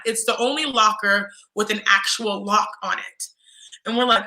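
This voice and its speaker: A woman's voice: a little high, fairly even intonation, brisk, sharp tone, reverberant, rough recording. A woman in her twenties, a podcast guest telling a casual story and acting out other people's voices. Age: 20s.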